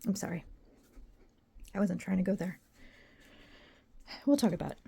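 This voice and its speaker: A woman's voice: mid-range voice, moderate pace, creaky, heavy background noise. A young adult woman vlogging casually to her viewers, rambling and emotional as she drifts between topics. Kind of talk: casual chat to camera.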